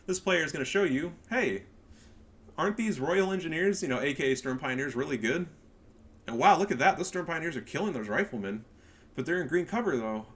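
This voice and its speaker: A man ranting in game commentary, sarcastic and profane, swinging up into shouts. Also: fairly high pitch, lively intonation, brisk. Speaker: gaming video creator.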